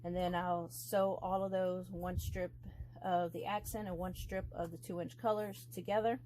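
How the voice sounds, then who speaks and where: A woman's voice: lowish voice, flat delivery, moderate pace, darkish tone, slight background noise, low-quality recording. A woman vlogging as she quilts, rambling and blunt, swearing freely as she works through her steps. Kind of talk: casual chat while crafting.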